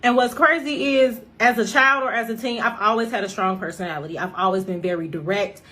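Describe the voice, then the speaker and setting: A woman with a voice of middling pitch speaks directly and reflectively. Her delivery suits a personal commentary clip. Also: brisk, bright, forceful tone.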